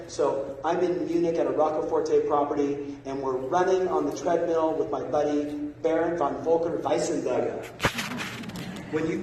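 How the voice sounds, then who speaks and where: A keynote sales speaker with a fairly high, slightly mellow voice gives a punchy motivational talk in a large conference hall, constantly checking in with the crowd. It's a phone recording from the audience, distant and echoey with a little hiss or hum.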